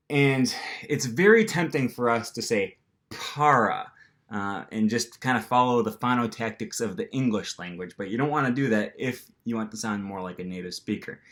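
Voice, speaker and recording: Facing the camera, an American-accented man teaches pronunciation casually, peppering his talk with ums and demonstrating the sounds himself. He's a language teacher whose voice is on the low side and a bit bright.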